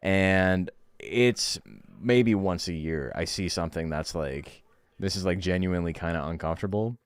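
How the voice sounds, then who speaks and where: A man's voice: sits low, normal speed, clean tone, dry recording. A young man streaming a game, ranting sarcastically in casual chat, swearing and laughing often.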